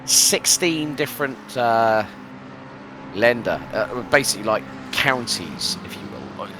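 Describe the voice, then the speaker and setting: A man's voice: medium pitch, lively intonation, unhurried, noisy background. A man from the UK commentating a live sim race, chatty and rambling with lots of fillers. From United Kingdom.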